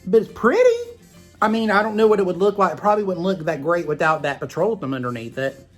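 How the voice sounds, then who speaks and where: A man with a Southern US twang talks through his makeup routine in a loose, rambling way, often turning aside to address his viewers. His voice sits somewhat high for a man. Faint music plays underneath. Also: steady tone, quick pace. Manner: rambling, chatty, self-deprecating, warm asides to viewers. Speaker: makeup vlogger. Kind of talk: chatty beauty tutorial vlog.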